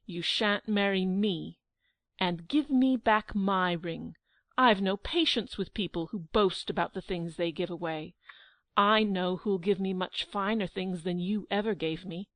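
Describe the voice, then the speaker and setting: A woman reading an audiobook and voicing a spoiled, haughty young princess, shrill and scornful. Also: unhurried, no room sound, natural voice. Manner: shrill and scornful, shrieking in rage.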